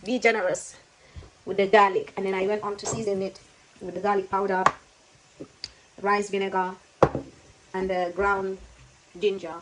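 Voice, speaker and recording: A cooking vlogger with a mid-range voice chats casually to camera while cooking in her home kitchen, repeating words and calling viewers babe. She speaks at a moderate pace with little pitch movement and frequent pauses, over loud frying and sizzling.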